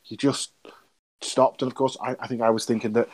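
A man's voice: mid-range voice, brisk, a little mellow. A man hosting a casual chat, asking loose, rambling questions with restarts. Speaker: host.

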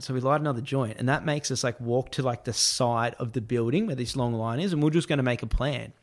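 A man casually telling a long anecdote on a podcast. He laughs often and acts out the other people in a higher voice, with many "I'm like" asides. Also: fairly even intonation, fast.

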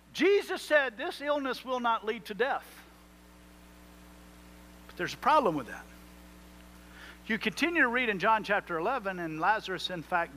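A man's voice: very high voice, pushed and bright. A man preaching a sermon, rising into emphatic swells and acting out prayers in quotes. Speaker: pastor.

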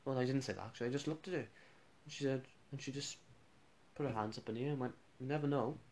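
A man's voice: mid-range voice, fast, a little mellow. Rambling man telling stories. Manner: rambling storyteller with frequent restarts and chuckles. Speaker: radio presenter. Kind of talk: casual anecdotal chat.

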